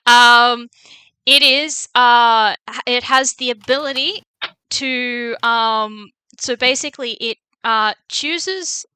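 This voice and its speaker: A woman narrates as game master for a tabletop game over a voice call. Her voice is bright and smooth, and she talks slowly, pausing on ums. The sound is dry and close. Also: fairly high pitch, no echo. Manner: hesitant, many ums, laughs often.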